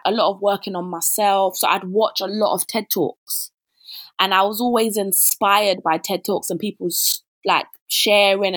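Woman, young adult, casual podcast guest, rambling and animated in retelling. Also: medium pitch. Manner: chatty, many fillers, acts out her own past remarks. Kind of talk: casual interview chat.

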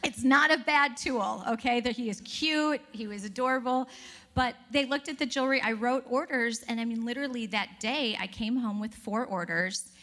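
A woman speaking on a stage before a live audience, telling animated stories and laughing as she talks to the crowd. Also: fairly high pitch, moderate pace.

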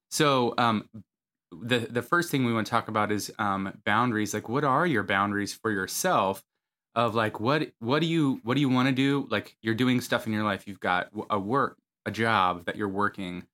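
A man co-hosting a podcast in a loose, chatty way and quick to laugh. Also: medium pitch, pushed and bright. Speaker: podcast co-host. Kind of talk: casual conversational podcast talk.

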